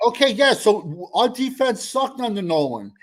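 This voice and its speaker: A man with a fairly high voice argues football in a heated debate. He comes off sarcastic and pushy, repeating himself to press his point. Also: big pitch swings, normal speed.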